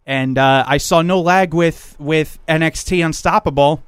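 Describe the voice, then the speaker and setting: A man hosts a podcast in a casual, rambling way, with a fairly high, smooth voice. The recording is close and dry. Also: unhurried, no room sound. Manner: chatty, rambling with restarts. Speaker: podcast host. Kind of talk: casual wrestling podcast chat.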